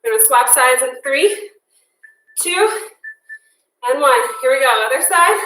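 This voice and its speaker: A woman's voice: high-pitched, lively intonation, unhurried, pushed and bright. A woman fitness instructor, leading a workout class casually and encouragingly while out of breath. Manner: encouraging, casual, counts down reps. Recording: echoey room, mic at a distance.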